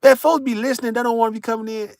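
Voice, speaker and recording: Man, high-pitched voice, rowdy profane stream banter, laughs a lot, dry close sound. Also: fairly even intonation, racing, a little mellow, no room sound. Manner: profane, boisterous, often laughing. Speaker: live streamer talking to chat. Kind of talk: casual live-stream chat. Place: in a vehicle while driving for work.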